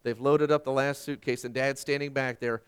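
A middle-aged man preaching a sermon, telling a personal story and swinging from hushed tones to loud emphasis. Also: mid-range voice, fairly even intonation, moderate pace, smooth. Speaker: pastor.

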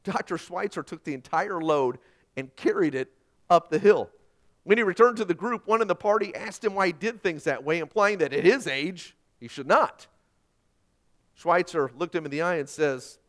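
A middle-aged man preaching a sermon as pastor, emphatic and repetitive, moving between loud and quiet. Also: high-pitched, normal speed.

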